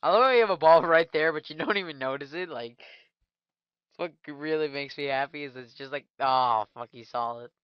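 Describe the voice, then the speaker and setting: A man giving casual gameplay commentary, joking crudely and trash-talking with sudden excited outbursts. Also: fairly high pitch, brisk, smooth, dry recording, dull audio. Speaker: gaming channel host.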